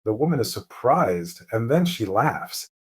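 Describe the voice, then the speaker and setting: A man narrating a mystery story slowly and clearly as host of a lesson for English learners. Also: mid-range voice. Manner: calm, clear, deliberate.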